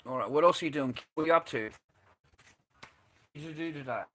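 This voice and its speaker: A man's voice: a little high, quick pace, bright, forceful tone. An Australian man hosting a casual livestream, rambling and swearing bluntly as he answers his live chat. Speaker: livestream host.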